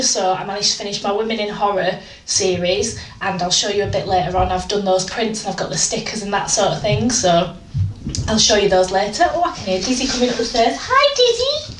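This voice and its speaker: A woman chatting candidly and self-deprecatingly in a casual art vlog from her home art room. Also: mid-range voice. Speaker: art vlogger. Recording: roomy, distant home mic with faint noise.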